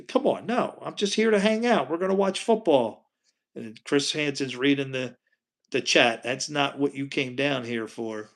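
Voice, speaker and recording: Chatty man with a gravelly voice. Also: a little high. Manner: chatty, rambling, asks viewers questions. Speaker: live stream host. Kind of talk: casual live stream chat, reading comments. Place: at home.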